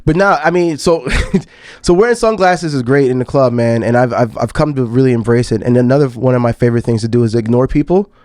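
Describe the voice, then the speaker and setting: A man's voice: medium pitch, a little fast, a little mellow, dry recording, studio quality. A man co-hosting a podcast, chatting loosely and laughing often. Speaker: podcast co-host. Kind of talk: casual chat.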